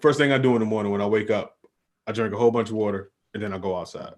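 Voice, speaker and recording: A man's voice: on the low side, very fast. A young man co-hosting a podcast, talking casually in laid-back slang and saying "bro" a lot. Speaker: podcast co-host. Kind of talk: casual chat.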